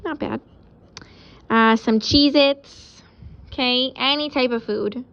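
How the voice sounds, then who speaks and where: A woman teacher giving a casual recorded lesson, explaining out loud while she sketches examples. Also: high voice, slow, muffled recording.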